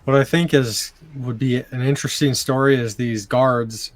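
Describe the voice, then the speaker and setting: A man's voice: mid-range voice, steady tone, moderate pace. A man playing a tabletop game chats casually with the group, full of playful jokes. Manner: joking, playful. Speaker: player.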